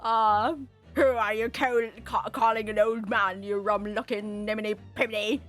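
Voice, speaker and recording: Lady doing a cranky old man voice, loud and huffy, kinda over the top. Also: medium pitch, level tone, unhurried, soft background music, lightly acted. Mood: indignant. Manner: blustering, indignant. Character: gruff, grumpy old man.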